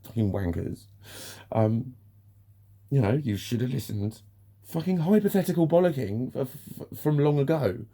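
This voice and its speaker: A man's voice: medium pitch, lively intonation, normal speed, warm tone. A man venting in a ranting personal vlog, swearing often and sounding exasperated. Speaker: vlogger.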